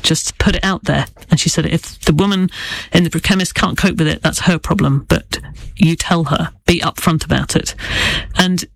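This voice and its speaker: A woman's voice: low voice, steady tone, normal speed, gravelly, no room sound. A middle-aged woman author speaking candidly and thoughtfully in an interview, with occasional stammers and restarts. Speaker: author guest. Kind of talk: reflective interview talk.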